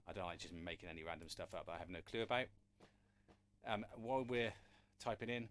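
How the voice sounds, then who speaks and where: A man's voice: fairly low pitch, a bit bright. Chatty man teaching drums live. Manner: chatty, encouraging, asks viewers for questions. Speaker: drum teacher. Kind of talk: live-streamed drum lesson. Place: room with a drum kit. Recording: drums and counting heard behind.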